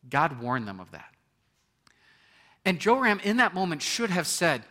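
A man's voice: on the high side, sing-song, normal speed, pauses often, sharp tone, big-room sound. A man preaching a sermon as pastor, conversational, asking the congregation questions and acting out quoted people.

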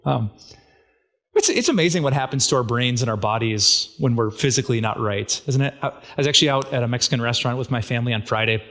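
A man's voice: mid-range voice, expressive, quick pace, fairly bright tone. A man preaching a sermon as a pastor, talking in a casual, conversational way and asking his listeners rhetorical questions.

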